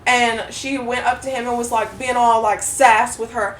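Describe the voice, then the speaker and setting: A woman co-hosting a podcast, telling a story in a casual, animated way, swearing freely and acting out what others said. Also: fairly high pitch, normal speed. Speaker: podcast co-host. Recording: roomy echo, mic at a distance, faint noise.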